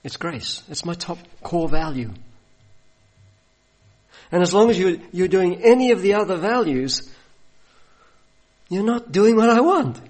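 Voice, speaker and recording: Male preacher, slightly raised pitch, husky tone, vivid storyteller who acts out the scenes. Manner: storytelling, acts out voices of biblical figures. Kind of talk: sermon.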